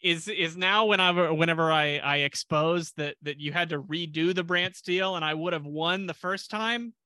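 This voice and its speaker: Bright, crisp man rambling casually. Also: fairly high pitch, normal speed, dry recording. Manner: rambling, restarts a lot, self-deprecating jokes. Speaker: podcast co-host. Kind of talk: casual chat.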